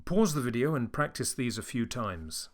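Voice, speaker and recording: A man teaching a beginner language lesson, modelling each word slowly and clearly for the learner to repeat. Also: medium pitch, big pitch swings.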